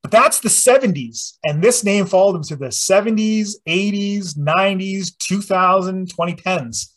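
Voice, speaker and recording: A man presenting at a community talk, telling a story in a loose, animated, profane way. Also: sits high, normal speed.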